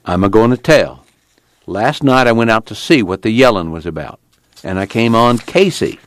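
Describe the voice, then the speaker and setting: A man playing a beaten-up young farmhand in a story reading, drawling in rough rural dialect, a bit higher than the reader's own low voice and very lively in pitch. it's a dry, close recording. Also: normal speed, no room sound, lightly acted. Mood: shaken. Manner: drawling rural dialect, raises to strained grief. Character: young man, battered, weary and shaken.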